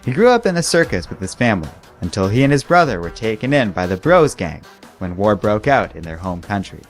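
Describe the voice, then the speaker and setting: A man, host of a comic book channel, narrating a story recap in a measured, scripted way. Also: on the low side, very animated, faint music behind.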